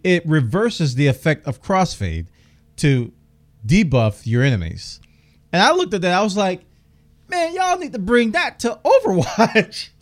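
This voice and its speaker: A man hosting a gaming news podcast, chatting casually and enthusiastically while reading out details, his voice a bit worn. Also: on the high side. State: losing his voice, coughing.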